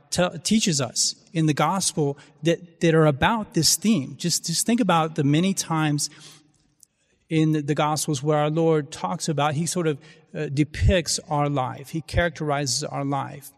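A man preaching a Catholic sermon, speaking in a halting way and often repeating words as he searches for his phrasing. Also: on the high side, in a large hall.

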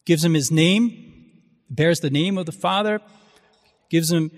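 A man delivers a sermon in a somewhat high voice, halting often and repeating words as he feels for his phrasing. His voice rings with the long reverb of a large church.

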